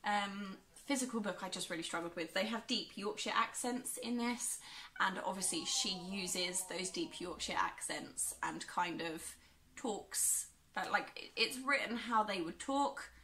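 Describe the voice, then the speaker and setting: A woman's voice: medium pitch, a little slow, sharp tone, slight background noise. A young woman from England chatting casually about books she has read, with frequent ums and a self-deprecating manner. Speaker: book vlogger. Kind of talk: casual book review chat.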